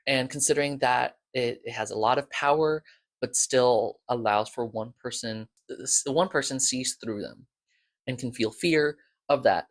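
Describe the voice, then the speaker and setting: A man's voice: mid-range voice, fairly bright tone. A man casually retelling plot points in a loose, rambling way, slipping into quoted lines as he goes. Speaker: video creator reviewing podcast episodes.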